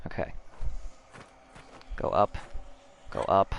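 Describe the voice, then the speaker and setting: A man's voice: slow, muffled recording, slight background noise. A young American man streaming a game, chatting with viewers and swearing in frustration. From United States. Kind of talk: casual gameplay commentary.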